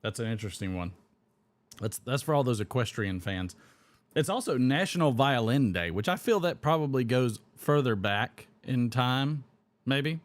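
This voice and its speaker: On a live pipe-smoking stream, a man chats casually in a mid-range, animated voice at normal speed. He rambles while he smokes, reading viewers' comments aloud and chuckling at them.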